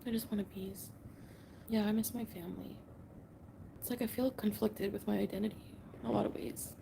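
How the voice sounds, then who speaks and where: Tearful woman half-whispering, gravelly fry. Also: medium pitch, fairly even intonation, a little fast, background noise. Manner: soft, often half-whispered, rambling. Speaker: livestreamer. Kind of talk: late-night livestream confessional. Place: home at night. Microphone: phone livestream.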